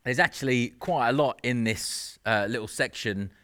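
A man's voice: mid-range voice, moderate pace, fairly bright tone, clear, resonant tone. A man preaching a sermon in an earnest, conversational way, with self-mocking asides.

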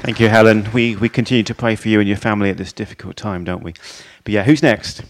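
Brisk low-voiced man leading a meeting. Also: slight background noise. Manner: brisk, moving things along. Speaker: prayer meeting leader.

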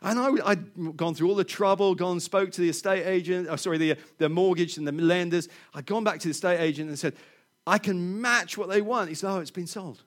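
A middle-aged man preaching, telling a personal story in an animated way, laughing often and repeating words. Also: sits high, fairly quick.

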